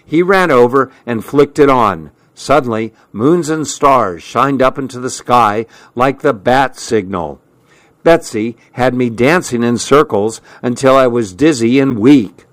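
A man narrating a story in a measured way. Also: medium pitch, no echo. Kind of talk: audiobook narration.

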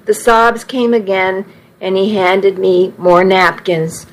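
A woman reading a first-person story aloud in a slow, measured way. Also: mid-range voice, steady tone, poor audio. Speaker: narrator.

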